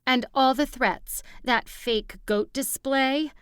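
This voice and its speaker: A woman voicing a chatty, excitable young woman. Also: high voice, slow, clear, resonant tone, no echo, studio quality, pitched above the performer's own voice. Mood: excited. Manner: talks endlessly, excitable. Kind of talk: audiobook character voice.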